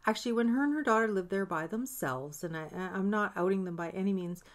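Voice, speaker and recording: A woman's voice: mid-range voice, quick pace. A woman co-hosting a podcast, chatting casually, swearing lightly and joking along. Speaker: podcast co-host. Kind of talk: casual chat.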